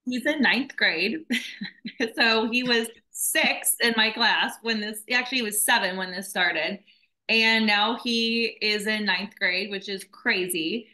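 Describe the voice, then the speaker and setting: Woman, nonprofit founder, emotional and earnest, bright tense tone, mid pitch. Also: slow, rough recording. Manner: earnest, emotional, warm storytelling. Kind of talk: casual interview talk.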